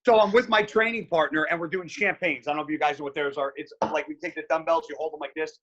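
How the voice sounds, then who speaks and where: A man with a slightly high, husky voice tells a story as a podcast guest. He talks with a forceful, tense edge and swears constantly. His delivery is animated and casual. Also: fast, dull audio. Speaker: podcast guest, pro bodybuilder.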